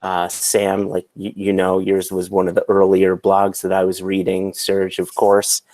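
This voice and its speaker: A man's voice: deep voice, monotone, moderate pace, mellow, no room sound. A man who is a guest on a podcast, casually telling earnest, rambling anecdotes. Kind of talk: casual chat.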